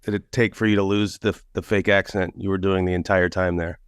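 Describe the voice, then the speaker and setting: A man's voice: deep voice, fairly quick, smooth, no echo, studio quality. Teasing man on a podcast. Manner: teasing, animated. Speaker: sports beat reporter, podcast co-host. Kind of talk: casual podcast chat.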